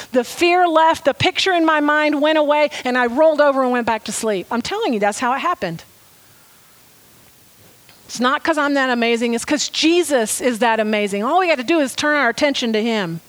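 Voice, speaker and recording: A woman preaching a sermon, telling a story with lively, animated delivery and acting out quoted lines. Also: sits high, normal speed.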